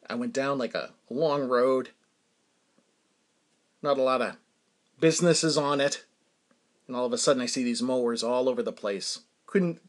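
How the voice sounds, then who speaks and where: A man with a New England accent, hosting a podcast and telling a rambling, self-amused story, often chuckling and dropping to a mutter for asides. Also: mid-range voice. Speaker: podcast host. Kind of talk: casual storytelling monologue.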